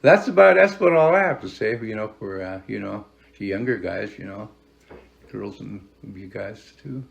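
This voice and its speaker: Gravelly low-voiced elderly man. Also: lively intonation. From Fort Belknap, Montana, United States. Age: older. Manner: unhurried, rambling, many "you know" fillers. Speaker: tribal elder. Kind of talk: oral storytelling interview.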